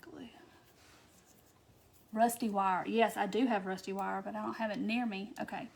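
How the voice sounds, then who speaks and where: A woman from Wisconsin hosting a casual live-stream craft tutorial, chatting to viewers, answering their comments and muttering soft asides to herself as she works. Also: mid-range voice, steady tone, moderate pace, gravelly, slight background noise.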